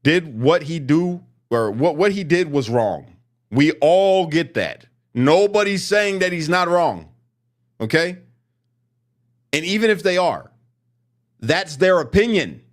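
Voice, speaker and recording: A man's voice: a little high, big pitch swings, slow pace. A man commenting sarcastically on protest clips, mocking and emphatic.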